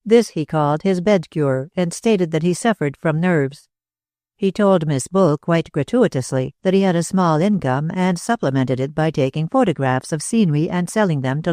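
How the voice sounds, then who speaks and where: A man's voice: fairly high pitch, darkish tone, dry recording, studio quality. Man narrating a classic novel. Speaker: audiobook narrator. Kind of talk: scripted narration.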